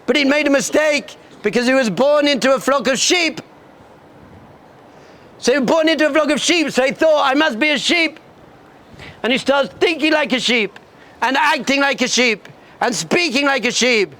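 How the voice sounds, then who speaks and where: High-pitched, bright-voiced rabbi's pep talk. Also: male voice. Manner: animated storyteller, acts out bleating sheep and roaring lion; emphatic, repeats short punchy lines. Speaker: rabbi addressing yeshiva students. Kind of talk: energetic pep talk with storytelling.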